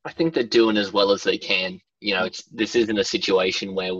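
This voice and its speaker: A man joining a casual sports podcast as a guest, speaking in a measured, reasonable way. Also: on the low side, fairly even intonation, a bit bright, breathy edge, no room sound, lo-fi sound.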